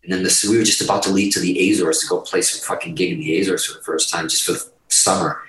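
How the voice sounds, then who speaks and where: A man guest telling a long profane story in casual chat, animated and rambling. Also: deep voice, fast. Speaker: podcast guest, musician. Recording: roomy, distant mic.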